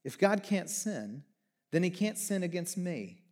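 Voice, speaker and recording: High-voiced male pastor preaching. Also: unhurried. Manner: animated, swings from hushed to near shouting. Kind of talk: sermon.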